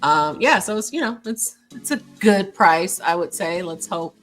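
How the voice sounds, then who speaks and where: A woman's voice: lowish voice, animated, normal speed, fairly bright tone, faint music behind, low-quality recording. A woman talking as a guest in a casual interview, earnest and thoughtful, with plenty of ums as she explains things. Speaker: guest, small business owner.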